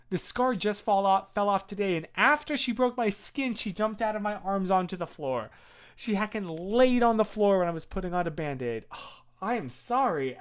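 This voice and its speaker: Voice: mid-range voice, expressive, moderate pace, clear, resonant tone. A streamer in their thirties chatting casually on a live stream, reading chat and rambling with many fillers and restarts.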